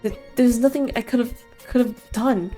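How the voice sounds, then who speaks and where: A woman's voice: a little high, a little slow, dark tone, soft background music, voice pushed up, lightly acted. A woman voicing a frightened, guilt-ridden young man who stammers and pleads desperately. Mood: pleading. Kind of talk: reading a visual novel aloud.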